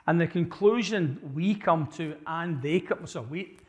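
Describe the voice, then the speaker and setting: A man presents a talk to a live church audience in a conversational way, often asking the room questions and correcting himself mid-sentence. His voice sits a little high for a man. The recording carries the long reverb of a church hall. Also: unhurried. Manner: conversational, asks the audience questions, frequent restarts. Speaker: church speaker.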